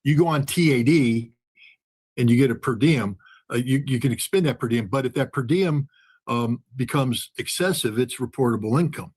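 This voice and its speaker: Male guest, husky voice, animated storyteller who acts out the dialogue. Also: medium pitch, normal speed. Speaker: guest, former weapons inspector. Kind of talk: storytelling in a conversation.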